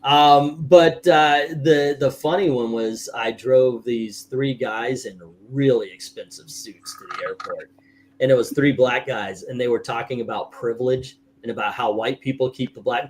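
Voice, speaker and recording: Rambling man hosting a chat show. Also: mid-range voice. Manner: rambling, halting restarts, chuckles. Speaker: host. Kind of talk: casual livestream chat.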